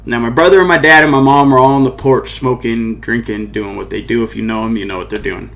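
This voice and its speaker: A man's voice: medium pitch, steady tone, fast talker, vocal fry, a bit bright. Young man telling a rambling personal story. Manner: loose and rambling, peppered with "like" and "you know what I mean". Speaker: podcast host and musician.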